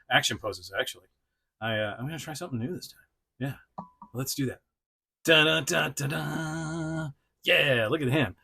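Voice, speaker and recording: A man with a bright, forceful voice hosts a loose, unscripted toy review vlog. He rambles, laughs often and breaks off mid-thought with fillers, and he chats directly to the action figure as he talks. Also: medium pitch. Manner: frequent fillers and self-restarts. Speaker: toy reviewer, channel host. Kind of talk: casual unscripted vlog chat.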